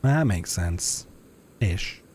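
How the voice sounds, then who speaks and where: A man's voice: low-pitched, expressive, very slow, darkish tone, breathy edge. A young man streaming a game live, chatting in self-mocking asides as he plays. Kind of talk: live gameplay commentary.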